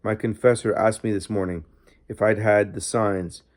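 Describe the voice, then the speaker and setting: A man's voice: fairly low pitch, steady tone, normal speed. A man narrating a diary in the first person, reading steadily and earnestly as an audiobook narrator.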